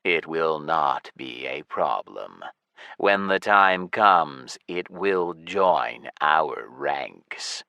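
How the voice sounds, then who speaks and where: A man voicing a cold, emotionless male lich who speaks slowly and states everything as plain fact. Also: extremely low pitch, gravelly, clean tone, no room sound, muffled recording, voice pushed down, exaggerated voice. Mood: cold flat. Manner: slow, flat, stating facts.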